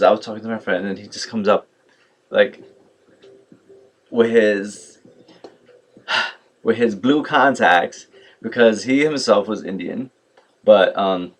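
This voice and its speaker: Young man, low-pitched voice, casual vlog storyteller, animated and chatty. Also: gravelly. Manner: animated, mimics others in quotes, many fillers like "like" and "yo". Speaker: vlogger.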